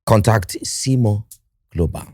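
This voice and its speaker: A man's voice: on the low side, measured pace, warm tone, no echo, studio quality. Nigerian man ad-libbing a sponsor read. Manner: loose ad-lib sponsor read in Pidgin. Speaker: podcast co-host.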